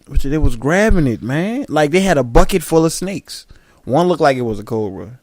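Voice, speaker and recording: A young man spins slangy, animated stories in casual chat, his pitch swinging widely. The recording is dry and close, with no room sound. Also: moderate pace, no echo. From Southern United States. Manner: animated, slangy storyteller who laughs often.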